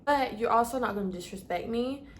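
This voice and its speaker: A woman's voice: fairly high pitch, a little fast, a little hiss or hum. A woman vlogger giving casual advice, chatty, calling her listeners "babes" and stumbling over long words. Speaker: lifestyle vlogger.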